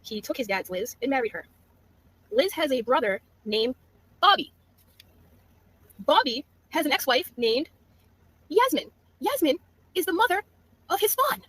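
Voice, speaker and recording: A woman's voice: high voice, sing-song, unhurried, pauses often, fairly bright tone, a little hiss or hum. A woman making mocking accusations in a piece of online commentary.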